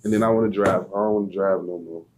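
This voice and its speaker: A man's voice: low voice, fairly even intonation, fast, darkish tone. A man in his thirties chatting casually as a podcast guest, blunt and laid-back, swearing freely. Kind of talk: casual chat.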